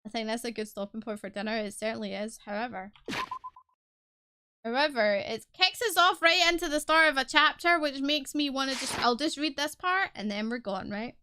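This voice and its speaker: A woman streamer in a casual let's play, excitable, reacting quickly and swearing now and then. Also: high-pitched, a little hiss or hum.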